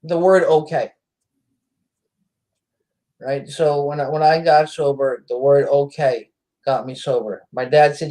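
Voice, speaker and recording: A man talking as a podcast guest in casual conversation, animated and self-deprecating, often repeating himself. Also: a little high, unhurried, long pauses, poor audio.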